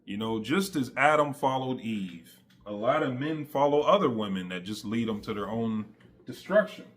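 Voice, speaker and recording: A man's voice: mid-range voice, animated, normal speed. A man giving a casual, slangy faith testimony straight to his audience, emphatic and conversational. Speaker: faith vlogger.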